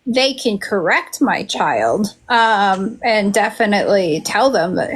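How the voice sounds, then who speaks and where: A woman and mother in a casual chat, telling animated stories and quoting her kids. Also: mid-range voice, slow, breathy edge.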